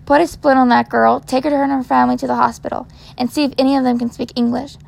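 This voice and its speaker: A woman voicing a brusque male paramedic in a storybook reading, giving clipped, hurried orders. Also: high-pitched, flat delivery, gravelly, darkish tone. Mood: urgent.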